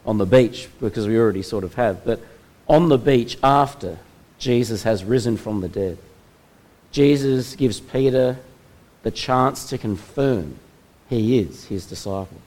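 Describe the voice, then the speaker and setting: A man preaching a sermon, retelling a Bible story in a measured way with slow, dramatic pauses. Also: mid-range voice, darkish tone, low-quality recording. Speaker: pastor.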